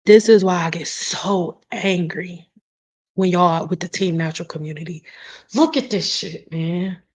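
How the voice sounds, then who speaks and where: This woman speaks on the low side at a measured pace, her voice a little mellow and husky. She's a cosmetologist in a casual vlog, blunt and emphatic, swearing freely. She talks straight to her viewers and calls them y'all.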